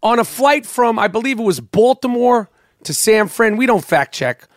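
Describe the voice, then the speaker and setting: A man's voice: very high voice, very animated, normal speed, dry recording. A man hosting a talk show, ranting heatedly and profanely with incredulous outrage. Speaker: host. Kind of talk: profane comedic rant.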